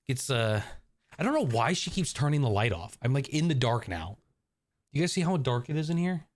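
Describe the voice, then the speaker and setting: A man's voice: mid-range voice, darkish tone, dry recording. A man live-streaming from a room at home, chatting playfully with his viewers and his cat. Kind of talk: casual live-stream chat.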